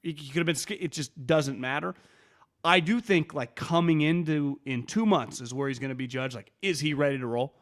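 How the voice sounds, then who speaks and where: Man, sports podcast co-host, casual chat, quick restarts, fairly high voice. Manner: fast, animated, full of restarts and quoted asides.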